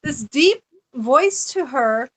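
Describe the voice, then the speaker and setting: Animated, chatty high-voiced woman. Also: slow pace. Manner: animated, chatty, laughs often. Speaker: podcast guest. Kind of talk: casual storytelling chat.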